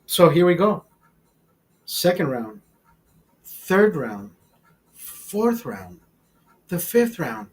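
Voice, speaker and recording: A man in his fifties telling a personal story in a profane, rambling, animated way, full of restarts. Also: on the high side, drawn-out words, long pauses, husky. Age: 50s. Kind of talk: casual storytelling.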